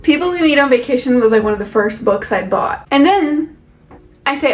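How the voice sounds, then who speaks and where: A woman's voice: high-pitched, expressive, moderate pace. Chatty young woman, echoey room. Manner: chatty, rambling, self-questioning. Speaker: book vlogger. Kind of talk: casual chat showing her bookshelf. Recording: echoey room with soft music. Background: soft background music.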